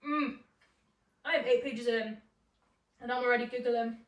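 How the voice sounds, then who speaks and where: Young woman, slightly high voice, casual book vlog chat, giggly. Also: fairly even intonation, normal speed, highs cut off, a little hiss or hum. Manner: chatty and giggly, with many fillers. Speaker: book vlogger.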